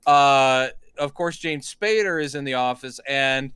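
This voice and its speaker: A man's voice: mid-range voice, measured pace, fairly bright tone, clean tone, no room sound. A man co-hosting a podcast, casually retelling movie scenes and quoting the characters as he goes. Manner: rambling, retells scenes with quoted voices. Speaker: podcast co-host. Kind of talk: casual film discussion.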